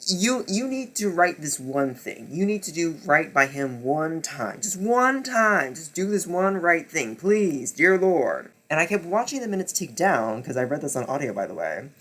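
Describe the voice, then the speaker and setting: This book reviewer talks at a normal speed in a sing-song voice, hardly pausing as he runs through his reads in a casual wrap-up vlog. Getting worked up, he swears, repeats himself, and veers from low mutters to near-shouts, telling it all dramatically.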